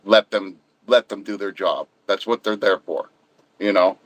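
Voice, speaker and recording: A man's voice: on the low side, fairly even intonation, unhurried, fairly bright tone, no echo, poor audio. A middle-aged man hosting a livestream, chatting casually and ranting bluntly about his opinions. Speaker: livestream host.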